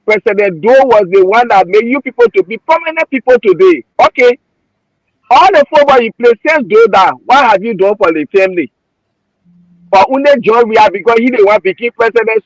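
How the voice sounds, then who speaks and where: A man's voice: high voice, no room sound, rough recording. A man with a Liberian accent giving passionate, emotional political commentary, repeating himself as he argues. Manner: emotional, repetitive, heated.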